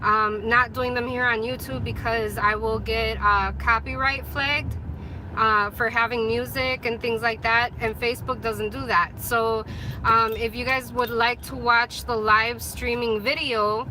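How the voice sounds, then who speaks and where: A woman's voice: on the high side, little pitch movement, a little slow, sharp tone, a little hiss or hum, poor audio. A woman chatting casually to her viewers as a vlogger and radio host, rambling with apologetic asides, filmed on a phone inside a car. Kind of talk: casual vlog chat.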